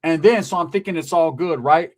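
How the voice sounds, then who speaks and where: Speaking fairly quickly in a voice on the high side, a Californian man tells a story from his past as a guest, swearing casually and animatedly performing the voices of people he quotes.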